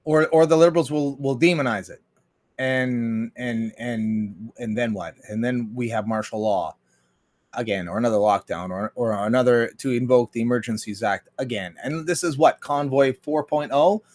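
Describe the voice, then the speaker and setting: A man's voice: medium pitch, normal speed, darkish tone. A man hosting a livestream, ranting bluntly and profanely, and reading viewer messages aloud. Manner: reads viewer chat aloud. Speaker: livestream host. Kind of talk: casual ranting commentary.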